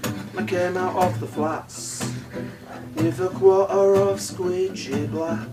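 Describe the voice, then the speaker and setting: High-voiced comedian, crude storyteller. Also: male voice, steady tone, takes it slowly, distant mic, over music. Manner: crude, swearing, laughing at his own jokes. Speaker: comedian and musician. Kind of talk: stand-up comedy storytelling with song.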